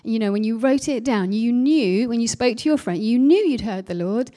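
A woman's voice: on the high side, animated, normal speed, dark tone. A woman preaching a conversational sermon, full of reflective rhetorical questions.

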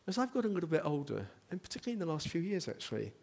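Gravelly man preaching earnestly. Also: fairly high pitch, very animated, very fast, darkish tone. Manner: earnest, builds to emphatic rhetorical questions. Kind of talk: sermon.

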